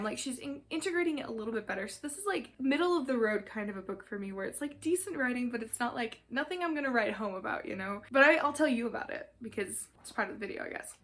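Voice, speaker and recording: A woman's voice: on the high side, expressive, fast, hardly any pauses, a bit bright, a little hiss or hum. A young woman vlogging a casual book review, chatty and full of fillers, with exasperated amusement.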